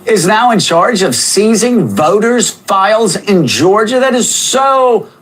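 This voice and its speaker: An indignant man delivers cable news commentary in a fairly high voice. He stumbles and restarts his sentences as he builds his argument. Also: expressive, slow, a bit bright.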